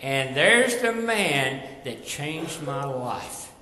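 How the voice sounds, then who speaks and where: Man playing reformed cheat Zacchaeus, slow, bright, echoey hall. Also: fairly high pitch, big pitch swings, slight background noise, full character voice. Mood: grateful.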